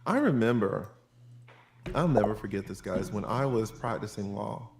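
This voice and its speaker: A lawyer telling a story in a blunt, profane, joking way. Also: male voice, on the low side, lively intonation, normal speed, echoey room, heavy background noise.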